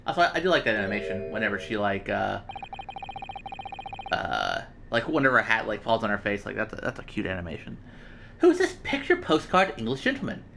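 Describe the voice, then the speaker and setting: A man's voice: fairly low pitch, expressive, fast, creaky, background noise. A man doing casual, jokey gameplay commentary as a let's play host, rambling with many stammered restarts. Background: game music.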